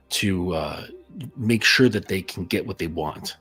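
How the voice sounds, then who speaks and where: A man's voice: low voice, unhurried, bright, forceful tone, breathy edge, soft background music. A man speaking as a dating coach in a casual, blunt monologue full of fillers, telling a client's story. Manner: blunt, conversational, many fillers.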